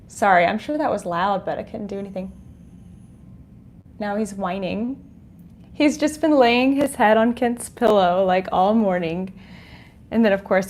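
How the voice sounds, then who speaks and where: A woman hosting a livestream from home, greeting viewers and reading their chat comments with frequent laughs. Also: a little high. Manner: bubbly, laughs often, reads chat comments aloud. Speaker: podcast host on a livestream. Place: home, dog nearby. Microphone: desk microphone.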